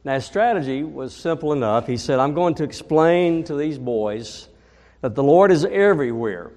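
A man preaching a sermon, telling a story and reading scripture in a deliberate way, rising to booming emphasis at key points. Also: animated, darkish tone. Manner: slow, deliberate, builds to booming emphasis in stories. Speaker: pastor. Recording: long reverb of a large hall.

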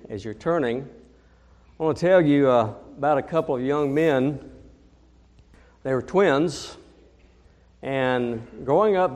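A male pastor delivers a sermon at an unhurried, measured pace, his voice set at a middle pitch. He tells stories and reads scripture, now and then swelling into loud, emphatic lines. The sound carries the long, lingering reverb of a large church hall. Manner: slow, deliberate, builds to booming emphasis in stories. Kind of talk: sermon with storytelling.

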